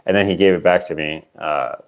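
Rambling low-voiced man running an auction. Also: fairly even intonation, a little fast. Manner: rambling and self-deprecating, trailing off with fillers. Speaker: artist auctioning his own sculptures. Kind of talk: casual livestream auction chat.

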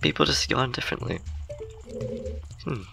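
A man's voice: mid-range voice, expressive, normal speed, gravelly. A young man giving casual, rambling let's-play commentary, laughing often as he plays. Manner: chatty, giggly, rambling. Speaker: gaming YouTuber. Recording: game music playing under the voice.

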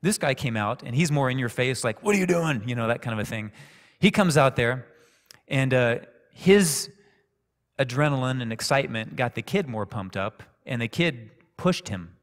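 Calm storytelling preacher in a reverberant church. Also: male voice, mid-range voice, moderate pace. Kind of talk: sermon with personal storytelling. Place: church sanctuary.

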